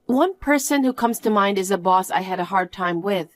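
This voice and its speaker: A woman's voice: medium pitch, animated, moderate pace, hardly any pauses, dry recording, clean studio sound. A young woman telling her own story in a one-voice narration, outspoken and indignant. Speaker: storyteller, main character.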